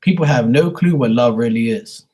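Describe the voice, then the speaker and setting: A man's voice: medium pitch, normal speed, a little mellow, husky. A man hosting a casual live stream and chatting with viewers, speaking bluntly with plenty of profanity and a rambling flow.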